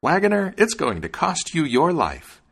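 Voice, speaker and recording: A man's voice: fairly high pitch, wildly swooping pitch, normal speed, creaky, a bit bright, breathy edge, voice pushed up, full character voice. A man voicing a small vengeful male sparrow who taunts with a repeated warning. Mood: menacing.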